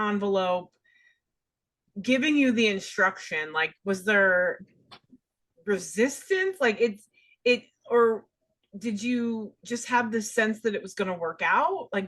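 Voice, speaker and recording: Woman host, gentle and encouraging, asks follow-ups in an interview. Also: medium pitch, low-quality recording. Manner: soft, encouraging follow-up questions. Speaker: podcast host.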